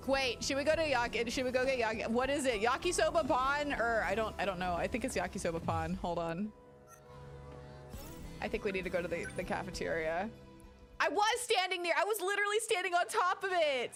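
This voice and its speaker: A woman streaming a video game in casual, profane chat, swinging between low mutters and excited shouting over game music. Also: a little fast. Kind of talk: casual let's-play chat. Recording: game music playing behind.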